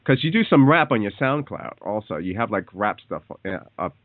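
A man hosting a casual phone interview, talking in a hesitant, halting way with many fillers. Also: fairly low pitch, sing-song, no echo. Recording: tinny phone line, dry.

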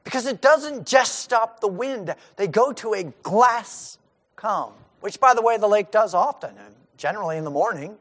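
Animated, lively-pitched male preacher. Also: moderate pace. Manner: animated, acts out the disciples' panic in asides. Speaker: pastor. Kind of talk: sermon.

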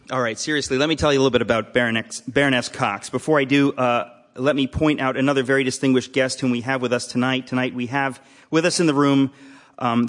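A man at the front of a room hosts a live event and introduces the evening's speaker. He jokes in a dry, deadpan way, tossing in asides before getting to the formal introduction. His voice sits at an ordinary middle pitch. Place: hall with a live audience.

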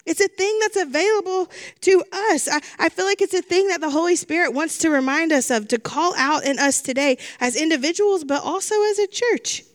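A woman's voice: very high voice, fairly quick. A middle-aged woman pastor giving a sermon in an earnest way, repeating phrases for emphasis.

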